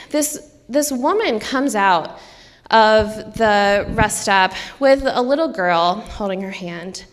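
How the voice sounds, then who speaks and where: A woman's voice: a little high, sharp tone. Chatty young woman telling a story on stage. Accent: Upper Midwest American. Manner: conversational, many ums and likes. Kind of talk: live personal storytelling. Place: stage in a hall with an audience. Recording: live stage recording with long hall reverb.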